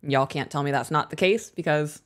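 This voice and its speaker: A woman co-hosting a podcast, talking casually and telling stories in a candid, animated way, swearing freely. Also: low-pitched, normal speed. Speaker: podcast co-host.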